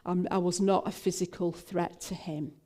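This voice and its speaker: A woman's voice: lowish voice, steady tone, moderate pace, warm tone. An older woman minister, telling a personal story in a talk, with frequent fillers and restarts.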